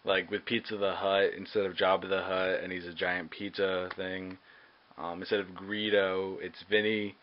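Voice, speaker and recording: A man's voice: low-pitched, flat delivery, normal speed. A man giving a casual movie review, hesitant and full of ums and uhs. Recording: dull lo-fi recording with faint hiss.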